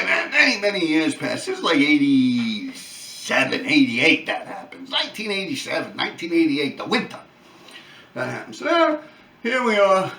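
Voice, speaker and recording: A man, telling profane, animated street stories on his own channel. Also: fairly high pitch, moderate pace, gravelly, distant mic. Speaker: channel host. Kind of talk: casual storytelling. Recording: echoey room, off-mic.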